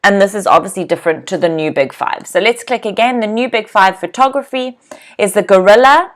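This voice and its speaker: A woman running a live online English lesson, drilling pronunciation with lively, clear repetition. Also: mid-range voice, fairly quick. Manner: animated, clearly drills pronunciation, laughs often. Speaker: English teacher.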